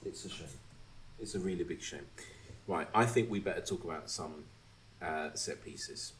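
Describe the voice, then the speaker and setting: A very deep-voiced man hosts a casual podcast chat. He rants with animated asides, slips into mocking voices and swears freely. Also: normal speed, slight background noise. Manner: animated, swearing, mimics others mid-rant. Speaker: podcast host.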